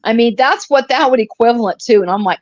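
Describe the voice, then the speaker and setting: A woman's voice: fairly high pitch, quick pace, darkish tone, no room sound. A woman chatting casually on a live stream, rambling through stories and swearing freely. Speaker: live commentary co-host. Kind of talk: casual chat. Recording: dry, slightly dull lo-fi audio.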